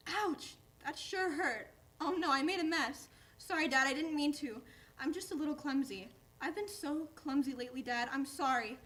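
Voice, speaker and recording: A chatty, high-voiced pet dog. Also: female voice, normal speed, fairly bright tone. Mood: apologetic. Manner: chatty, keeps calling his owner "Dad". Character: eager chatty young male pet dog. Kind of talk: staged play reading.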